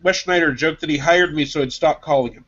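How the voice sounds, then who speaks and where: A man with a fairly high voice chats casually, telling animated stories and acting out what people said. The audio is muffled and lo-fi. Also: fast talker, very noisy. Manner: animated storyteller acting out conversations. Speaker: podcast guest, game designer. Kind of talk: casual chat.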